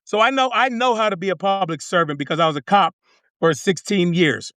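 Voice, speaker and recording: Man, congressional candidate, passionate, repeats himself, bright tense tone. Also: high-pitched, fairly quick, dry recording. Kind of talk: fired-up casual talk.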